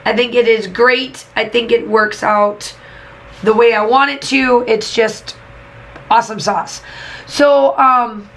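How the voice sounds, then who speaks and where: A woman's voice: a little high, steady tone, takes it slowly, a bit bright, a little hiss or hum, low-quality recording. Chatty woman crafting. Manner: chatty, enthusiastic, many fillers. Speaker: craft YouTuber and teacher. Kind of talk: casual crafting vlog voice-over.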